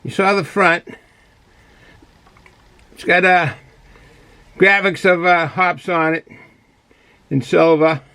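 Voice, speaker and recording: A man's voice: high-pitched, steady tone, slow, pauses often, bright, forceful tone, smooth, no echo, poor audio. A man with a Boston accent casually reviewing a beer, rambling with many fillers and restarts.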